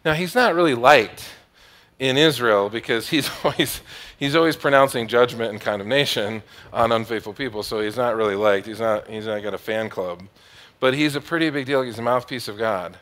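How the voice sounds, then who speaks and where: A man's voice: mid-range voice, normal speed, a bit bright. A man preaching a sermon, retelling a Bible story in a casual, joking way. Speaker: pastor.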